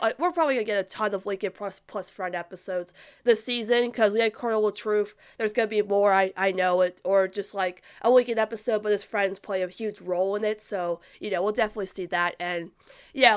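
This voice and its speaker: A woman's voice: mid-range voice, clear, resonant tone. A young woman chatting casually as a host, rambling with lots of fillers and restarts while reading viewer comments. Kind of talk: casual fan chat.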